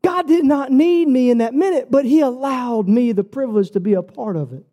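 A man preaching a sermon, telling stories with quoted dialogue in a casual, lively way. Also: very high voice, fairly quick. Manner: animated storytelling with quoted dialogue; casual, says "bro" and "like". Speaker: pastor.

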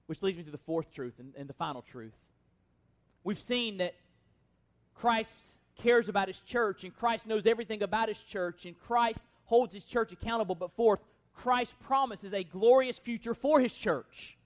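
A man with a strikingly high-pitched voice leads a sermon as pastor. He speaks with earnest emphasis and keeps turning his points into rhetorical questions for his listeners. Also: normal speed. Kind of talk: expository sermon.

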